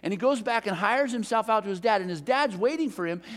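A middle-aged man preaching a sermon as a pastor, telling a story in a relaxed, conversational way. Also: high voice, fast talker. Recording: long reverb of a large hall.

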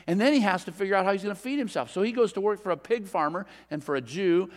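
A middle-aged man preaching a sermon as a pastor, telling a story in a relaxed, conversational way. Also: high voice, quick pace. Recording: long reverb of a large hall.

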